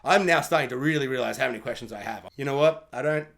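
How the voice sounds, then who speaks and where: A man's voice: mid-range voice, fast, creaky, fairly bright tone. A man giving a casual spoiler film review, rambling with lots of "like" and firing off questions.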